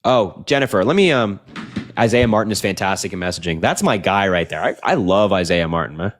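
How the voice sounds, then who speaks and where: A man's voice: sits low, lively intonation. A young man hosting a late-night political livestream, ranting earnestly, repeating himself, and reading out chat donations while sounding tired. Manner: earnest, repetitive, fast rants with filler "like".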